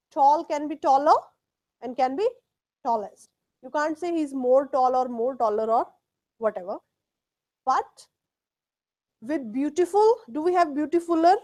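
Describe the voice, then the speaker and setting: A woman's voice: sits high, a little mellow. A woman teaching a live test class, drilling pronunciation by repeating words. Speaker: English test tutor.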